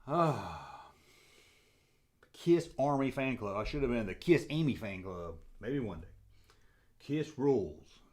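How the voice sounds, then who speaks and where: A middle-aged man with a Southern accent chatting casually on a livestream, reading viewer comments in a rambling, jokey way and getting loudly excited. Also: mid-range voice, measured pace, long pauses. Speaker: toy collector channel host.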